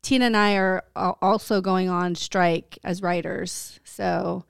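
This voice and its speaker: A woman in her forties co-hosting a podcast in casual chat, animated and laughing often, with free swearing. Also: fairly low pitch, measured pace, gravelly, clear, resonant tone, no echo, clean studio sound. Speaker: podcast co-host.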